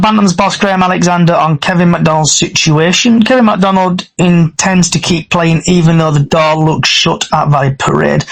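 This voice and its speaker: A podcast host with a high-sitting, creaky voice runs a casual fan podcast over poor audio. He reads club news items aloud and then asks each panelist for their view.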